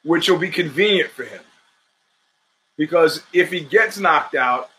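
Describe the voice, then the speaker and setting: This recording has poor audio of a man with a mid-range voice that is bright and forceful. He hosts his own podcast, giving a casual, rambling sports commentary monologue of fight predictions. He's opinionated and profane, with streetwise phrasing and frequent mid-sentence restarts.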